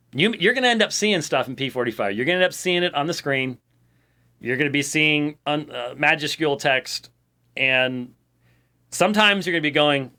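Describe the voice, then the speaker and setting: A man's voice: on the high side, bright, forceful tone. An American man hosting a ministry program, talking casually and rambling to his audience with frequent fillers and restarts. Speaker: ministry show host. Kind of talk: casual monologue to a show audience.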